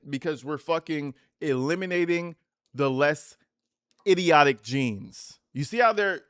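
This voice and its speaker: Male commentary host, higher-pitched voice, sarcastic and foul-mouthed, dry close sound. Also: smooth, no room sound. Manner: sarcastic, profane, mock-tearful asides. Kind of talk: reaction commentary.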